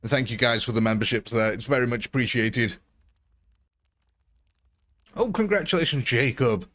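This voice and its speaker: A man's voice: medium pitch, moderate pace, fairly bright tone. A man hosting a live game stream in a casual, chatty, jokey way, laughing often.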